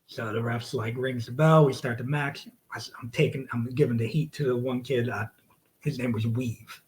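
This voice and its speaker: Male wrestler, forties, from the United States: loose, profane, animated storyteller with a mid-range voice. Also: mid-range voice, normal speed, low-quality recording. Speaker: wrestler guest. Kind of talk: casual storytelling interview.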